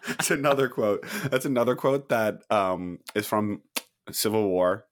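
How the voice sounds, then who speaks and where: A young man in his twenties co-hosting a casual podcast, animated and playful, quick to laugh. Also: on the low side. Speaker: podcast co-host. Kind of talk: casual chat.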